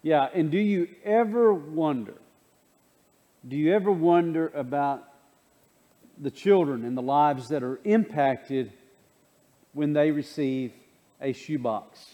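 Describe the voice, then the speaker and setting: A man's voice: fairly high pitch, takes it slowly, long pauses, lo-fi sound. A man, the pastor, opening a church segment by posing rhetorical questions to the congregation. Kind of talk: sermon introduction. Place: church sanctuary. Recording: long reverb of a church hall.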